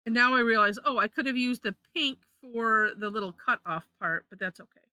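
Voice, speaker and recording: A woman's voice: a little high, fairly quick, pushed and bright, dry recording. A woman leading a live drawing lesson, chatty, correcting herself and laughing often. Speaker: drawing instructor.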